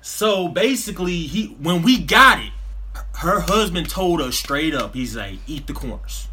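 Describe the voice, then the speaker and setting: A man telling a story in casual slangy chat, animated and laughing through the punchlines. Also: sits high, unhurried, breathy edge.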